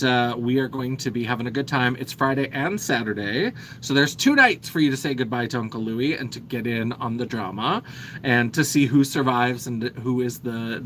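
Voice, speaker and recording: A chatty man hosting a casual livestream, rambling along and poking fun at himself. His voice is bright at a middling pitch. A faint low rumble runs underneath. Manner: chatty, rambling, self-deprecating. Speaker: livestream host.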